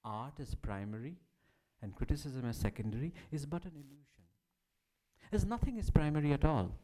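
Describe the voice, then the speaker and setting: A man reading a prepared academic talk at a symposium, with a measured, declamatory delivery. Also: a little high, dark tone, rough recording. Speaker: academic speaker. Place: symposium hall.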